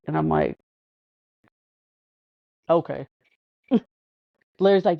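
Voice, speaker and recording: Chatty woman telling animated stories. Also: lowish voice, measured pace, pauses often, no echo. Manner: animated, acts out quotes with laughs. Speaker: podcast guest. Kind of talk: casual storytelling chat. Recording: dull, lo-fi podcast audio.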